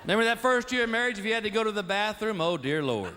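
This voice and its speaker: High, lively middle-aged stand-up comedian. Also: male voice, fast talker. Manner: animated, exasperated storytelling that slips into put-on voices. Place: comedy stage before a live audience. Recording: live show with loud crowd noise.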